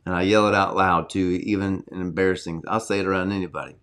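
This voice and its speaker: A middle-aged man with a fairly low voice leads a livestreamed sermon from his home study. He preaches with earnest, excitable energy and moves into prayer. His delivery stays personal and direct. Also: fairly quick. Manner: earnest, excitable preaching, reads prophecy aloud. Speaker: pastor hosting a weekly healing livestream.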